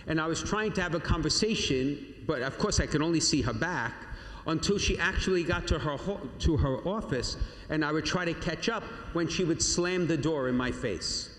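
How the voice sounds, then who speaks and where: Priest telling a story in an echoing church. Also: male voice, on the high side, a bit bright. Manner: storytelling, addresses listeners as "my young friends"; dramatic pauses and slowed emphasis. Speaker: Catholic priest. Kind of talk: sermon to confirmation candidates. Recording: echoey church with long reverb.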